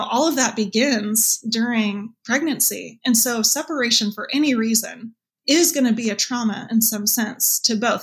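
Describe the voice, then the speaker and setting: An earnest woman answers an interviewer's questions in a reflective, open way. Her voice sits a little high. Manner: earnest, reflective, quotes her own past thoughts. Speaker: guest, birth mother and support group leader.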